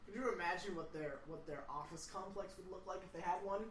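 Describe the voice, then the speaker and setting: A man co-hosting a casual podcast, telling stories in a giggly, animated way. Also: high voice, quick pace, distant mic. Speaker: podcast co-host. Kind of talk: casual chat. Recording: echoey room, off-mic, faint noise.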